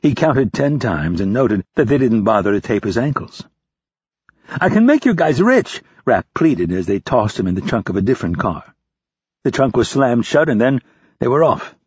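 A man narrates a thriller audiobook with a husky, lively delivery. The recording is dry and close, with a slightly dull, lo-fi tone. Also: fairly low pitch, normal speed, no echo. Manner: steady, expressive reading.

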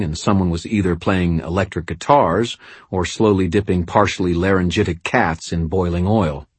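A man's voice: deep voice, breathy edge, no echo. A man reading a first-person audiobook narration with a wry, dry storytelling manner.

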